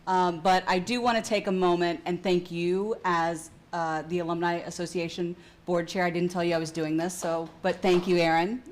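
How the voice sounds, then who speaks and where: A woman's voice: on the low side, little pitch movement, normal speed, hardly any pauses. A woman speaking as event co-chair, grateful and joking lightly.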